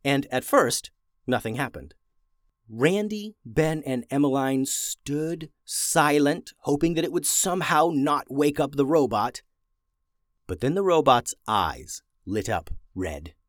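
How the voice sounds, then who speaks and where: A man's voice: medium pitch, no room sound, studio quality. Man reading a children's story aloud. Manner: expressive, dramatic slowing for suspense.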